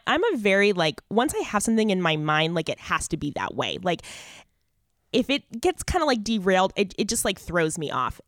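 A woman's voice: lowish voice, fairly bright tone, dry recording, clean studio sound. A woman guest on a podcast, telling a story in an earnest, chatty way with lots of fillers. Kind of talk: casual storytelling.

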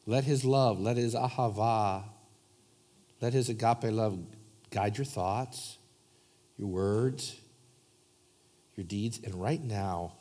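Pastor preaching, swinging loud to hushed. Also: male voice, lowish voice, slow, long pauses. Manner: conversational, swings from loud asides to soft hushed prayer. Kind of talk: sermon. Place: church sanctuary.

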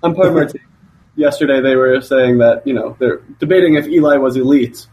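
A man's voice: medium pitch, fairly quick, a little mellow, poor audio. A man in a casual podcast chat with friends, blunt and argumentative. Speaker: league member, podcast co-host.

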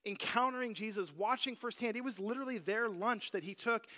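A man teaching a Bible passage in a relaxed, conversational sermon, full of "like" and "you know". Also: high voice, brisk.

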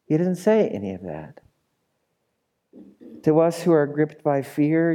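A man preaching a sermon who urges the congregation to respond and swings from loud, dramatic lines to hushed ones. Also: on the high side, big pitch swings, unhurried, pauses often. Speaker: pastor.

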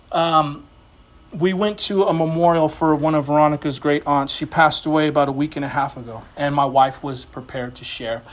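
A man preaching a sermon as pastor, impassioned, with his voice swinging high and low and quick personal asides.

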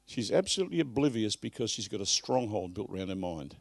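A man's voice: lowish voice, very animated, fast talker, vocal fry, no room sound. Emphatic male preacher, dry close sound. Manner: emphatic, swings from loud bursts to hushed asides. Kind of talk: live sermon. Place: church service.

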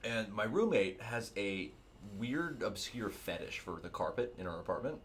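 A young man with a lowish voice chats loosely on a podcast. He swears easily and explains things at length. Faint noise hums under the recording. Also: sing-song, moderate pace, a bit bright. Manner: loose, profane, explains with tips. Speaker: podcast co-host. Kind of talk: casual chat.

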